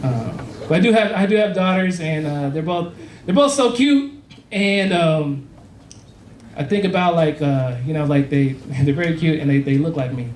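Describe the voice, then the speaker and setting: A man in his thirties rambles through a crude, chatty stand-up set in a slightly high voice. He sounds distant in an echoey club, and loud audience laughter and noise fill the background. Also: moderate pace. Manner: rambling, crude, conversational delivery. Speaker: stand-up comedian. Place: comedy club stage. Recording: echoey club, heard from afar, loud crowd.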